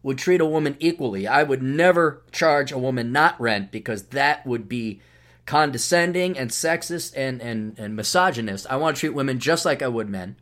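A man's voice: medium pitch, moderate pace, a bit bright. A middle-aged man hosting a podcast, talking in a rambling, sardonic solo monologue with frequent restarts. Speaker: podcast host.

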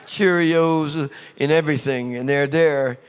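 A man preaching a sermon, telling a lively story and acting out the people in it. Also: a little high, unhurried, clean tone. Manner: storytelling, acting out scenes with voices. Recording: long reverb of a large hall with audience.

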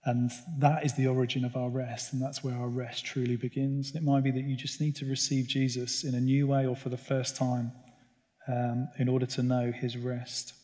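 A man's voice: medium pitch, level tone, moderate pace, mellow. Earnest man preaching in a reverberant hall. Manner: earnest, personal, conversational. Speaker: church speaker. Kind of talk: sermon talk. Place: church gathering. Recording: long reverb of a large hall.

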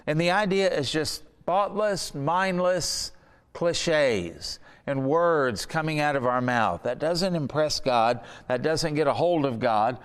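A man's voice: mid-range voice, smooth, big-room sound. A man preaching a sermon, earnest and conversational, asking the listeners questions. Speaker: pastor.

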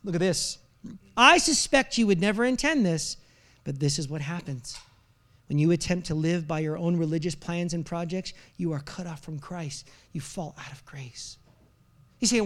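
A man with a notably high voice delivers a sermon to a church congregation. He acts out the doubts of his listeners, sinking to near-whispers and then breaking into loud, emphatic lines. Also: animated, moderate pace, long pauses. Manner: dramatic, swings from hushed whispers to loud emphatic outbursts. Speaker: pastor. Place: church service before a live congregation.

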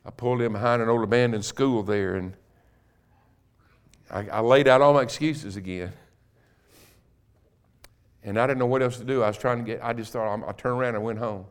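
A middle-aged man, a guest preacher in a church, telling his own conversion story and building to loud, emphatic preaching. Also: medium pitch, steady tone, a little fast, long pauses, clear, resonant tone. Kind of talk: sermon. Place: church sanctuary.

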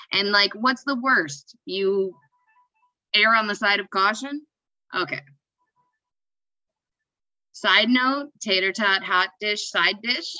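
A woman's voice: mid-range voice, bright, forceful tone, no room sound, dull audio. A woman co-hosting a casual sports podcast, playful and jokey, laughing at her own quips. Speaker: podcast co-host.

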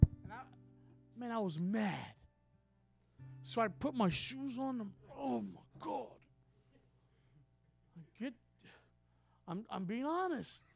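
A man who is a traveling minister, telling a story in a sermon with animated, acted-out dialogue. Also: extremely high pitch, slow pace, gravelly, pauses often, soft background music.

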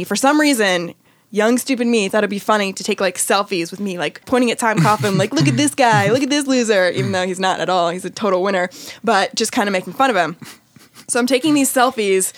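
Upbeat female podcast host, mid pitch, dry close studio sound. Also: dry recording. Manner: chatty, upbeat storyteller. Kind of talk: casual interview chat. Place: recording studio.

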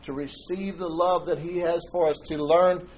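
Male pastor, fairly high voice, relaxed storytelling sermon with light humor. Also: normal speed, rough recording. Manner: conversational and joking, tells anecdotes.

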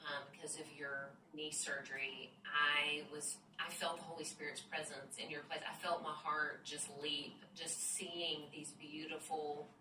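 A woman's voice: deep voice, level tone, measured pace, hardly any pauses. A woman speaking emphatically and devoutly as a church friend giving testimony. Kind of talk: personal testimony. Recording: roomy, distant mic, audible noise.

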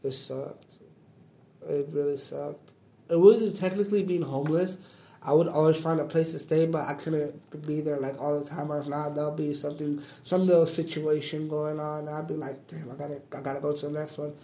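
A young man answers interview questions in a deep, raspy voice with a gravelly edge and a mellow, dark tone. He talks haltingly and repeats his words. The room around him sounds roomy and echoey. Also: steady tone. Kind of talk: casual interview talk. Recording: roomy echo.

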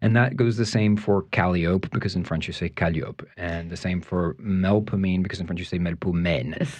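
A man with a very low voice talks through word origins. He explains patiently, pausing on fillers and restarting his sentences as he thinks. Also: a little mellow, husky. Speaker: guest, French language expert. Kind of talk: conversational explanation.

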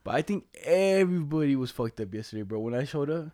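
A young man chatting loosely with a buddy, his voice sitting a little higher than most men's. He rambles through slangy stories, laughs as he goes, and slips into quick put-on voices when quoting friends. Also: lively intonation, dark tone. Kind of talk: casual storytelling chat.

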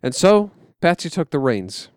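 A man with a somewhat high voice narrates a scripted story. He speaks in a quiet, measured way. The recording is dry and close. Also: very animated, clean tone, no room sound.

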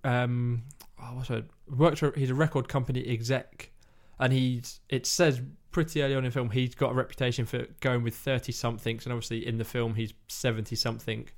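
Casual male co-host, rambling storyteller, mid-pitched, acts out quoted lines. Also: little pitch movement, brisk, hardly any pauses. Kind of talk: casual chat.

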